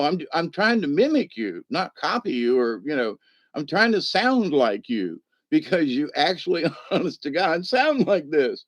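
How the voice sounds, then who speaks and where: A man's voice: a little high, big pitch swings, a little slow, no room sound. A man hosting a casual livestream, rambling through stories, laughing often and answering the chat. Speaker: livestream host.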